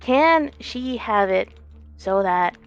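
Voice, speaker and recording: A woman's voice: medium pitch, expressive, slow. A woman playing a tabletop role-playing game, brash, sweary and playful. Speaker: player. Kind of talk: casual tabletop game chat. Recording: dull lo-fi stream mic.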